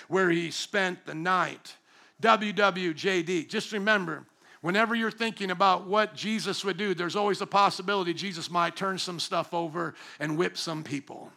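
A man preaching a sermon as pastor, animated and asking the congregation questions, acting out imagined voices. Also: high-pitched, moderate pace, gravelly. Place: church service.

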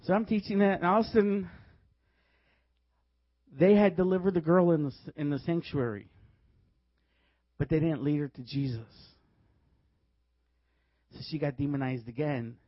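Man preaching with animated storytelling. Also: a little high, normal speed, long pauses, dry recording, highs cut off. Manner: lively, laughs often while telling stories. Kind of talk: sermon with storytelling.

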